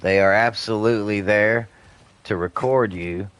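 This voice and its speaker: A man's voice: on the low side, fairly even intonation, measured pace, fairly bright tone, clear, resonant tone, no room sound. A man giving heated, profane, rambling commentary while he plays a video game. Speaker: gaming streamer.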